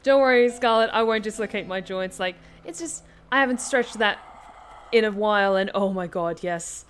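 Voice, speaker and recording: Lady streaming a game, chatty and excitable, talks thru every choice. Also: mid-range voice, normal speed, a little hiss or hum. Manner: chatty, excitable, thinking aloud. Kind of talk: live game commentary.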